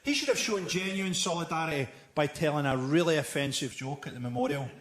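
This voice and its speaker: A man doing live stand-up comedy, with a deadpan, dark, sardonic delivery and mocking impressions. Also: a little high, a little fast. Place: theatre stage before a laughing audience. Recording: live theatre recording with loud crowd noise.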